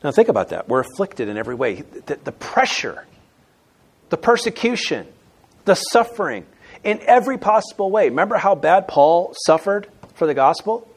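Animated male preacher, lively delivery. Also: on the high side, normal speed, slightly rough. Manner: emphatic, swings between loud stresses and quiet asides. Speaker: pastor. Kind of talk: sermon.

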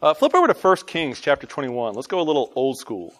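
A man's voice: mid-range voice, wildly swooping pitch, fast, a bit bright. A man with a Southern US accent, teaching a casual Bible study, joking and laughing at himself between scripture readings.

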